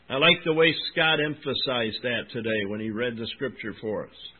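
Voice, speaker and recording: A man's voice: mid-range voice, moderate pace, hardly any pauses, husky, phone-quality sound. A man preaching a sermon in an earnest, emphatic way, asking his congregation questions as he goes. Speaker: pastor.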